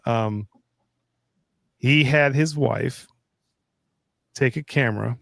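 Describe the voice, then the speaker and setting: A man's voice: mid-range voice, slow pace, creaky, a bit bright, no room sound. Middle-aged male co-host, mid-range voice, dry close mic, rambling anecdotes full of restarts. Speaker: live stream co-host. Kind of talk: casual chat.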